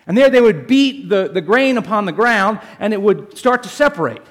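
A male pastor with a fairly high voice delivers a sermon in an animated, storytelling manner. He jokes with his listeners and calls them folks as he moves through the passage. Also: moderate pace. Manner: animated, jokey storytelling addressing the congregation as folks.

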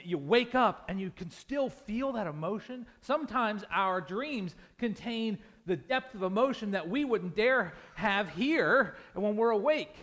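A pastor preaching a sermon in a dramatic way, swinging between loud emphasis and hushed lines. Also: male voice, high voice.

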